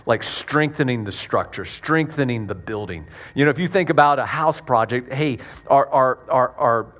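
A man preaching a sermon in a conversational way, often repeating his words as he goes. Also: medium pitch. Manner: conversational, repeats words, acts out quick quoted voices. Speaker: pastor.

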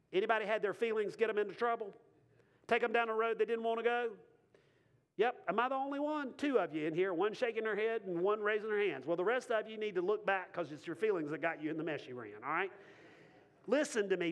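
A man's voice: high voice, animated, moderate pace, a bit bright. A man preaching a sermon to a congregation, emphatic, repeating key lines and putting questions to the room. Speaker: pastor. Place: church before a congregation.

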